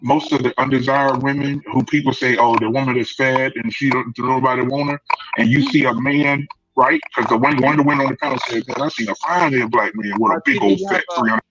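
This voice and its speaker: A man on a livestream panel argues casually and keeps pressing the others. His voice sits at an ordinary pitch. Faint noise hums underneath him. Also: steady tone, fairly quick. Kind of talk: casual debate chat.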